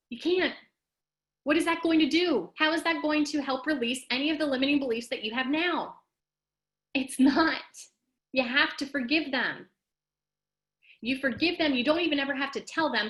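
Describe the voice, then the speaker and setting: Woman, motivational talk host, slightly high voice, animated, emphatic, addresses viewers directly. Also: poor audio. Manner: animated and emphatic, rising high when making a point; talks straight to the audience and reads out their comments. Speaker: host of a live wellness talk.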